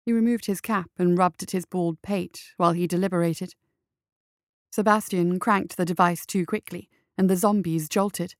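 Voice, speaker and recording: A woman narrating a story as an audiobook, in a measured, even storytelling manner. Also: lowish voice, no echo, clean studio sound.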